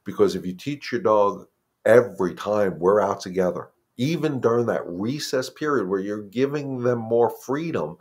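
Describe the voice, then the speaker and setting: A man's voice: on the low side, breathy edge. A man, the head dog trainer, giving plain-spoken, emphatic advice in a casual live Q&A and often repeating words as he thinks.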